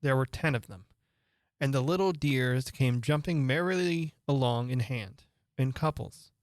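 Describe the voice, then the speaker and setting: A man reading a classic storybook aloud as narrator, in a measured, expressive way. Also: mid-range voice, no room sound, studio quality. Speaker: audiobook narrator.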